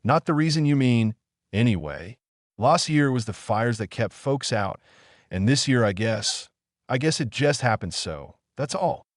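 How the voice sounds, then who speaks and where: A man's voice: mid-range voice, lively intonation, measured pace, dry recording, studio quality, lightly acted. A man doing a nasal, bossy backwoods guide. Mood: hushed. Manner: drawling, folksy, confident.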